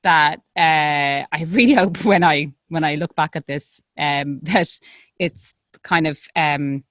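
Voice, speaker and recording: Chatty Irish woman host, low voice. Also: slow, fairly bright tone, dry recording, muffled recording. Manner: chatty, laughs often, gushing. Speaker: podcast host. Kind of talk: casual interview chat.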